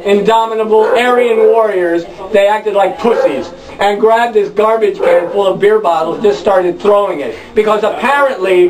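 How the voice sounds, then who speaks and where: Wry high-voiced man telling a story on stage. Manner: rambling, wry, with loud shouted chants. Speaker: spoken word performer. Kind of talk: live storytelling monologue. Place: club stage with audience. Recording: echoey room from a distant mic.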